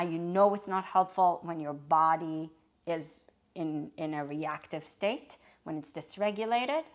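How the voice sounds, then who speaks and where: A wellness video host with a lowish voice speaks gently and openly about her feelings in a reflective self-help video. She often pauses and restarts while searching for words.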